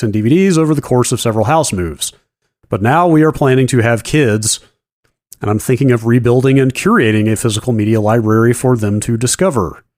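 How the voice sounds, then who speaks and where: A man co-hosting a podcast, reading a listener email in a steady, matter-of-fact way. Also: mid-range voice, dry recording, clean studio sound. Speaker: podcast co-host. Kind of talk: casual chat and email reading.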